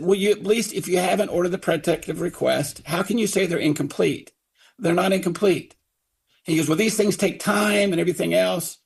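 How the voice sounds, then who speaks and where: A man's voice: sits high, vocal fry, husky. A middle-aged man, a victim's father, angrily retelling events on talk radio and acting out what others told him. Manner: indignant, quotes others in put-on voices.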